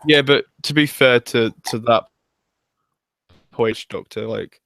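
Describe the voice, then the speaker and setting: A man's voice: mid-range voice, takes it slowly, gravelly, a bit bright, no room sound, clean studio sound. A young man giving his opinions in a casual review chat, hesitant and filler-heavy. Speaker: guest reviewer.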